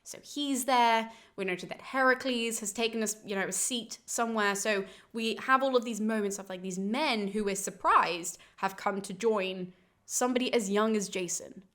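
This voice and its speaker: A young woman hosting a casual educational podcast, summarising a classical epic in a chatty, animated way, swearing freely and mocking the characters with quick voiced asides. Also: mid-range voice.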